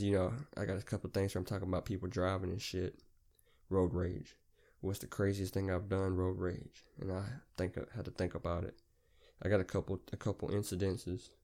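A man's voice: sits low, moderate pace. A man hosting a podcast, telling a long story in a rambling, profane, casual way. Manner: rambling, profane, animated retelling. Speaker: podcast host.

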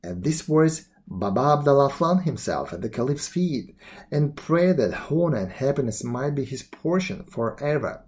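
A man narrating a classic tale aloud in a steady, even reading voice. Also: mid-range voice, moderate pace. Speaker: storyteller. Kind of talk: storybook read-aloud narration.

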